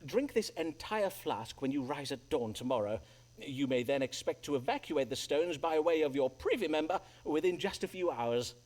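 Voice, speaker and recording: Pompous Elizabethan doctor, game voice, archaic speech, lively pitch. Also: male voice, normal speed.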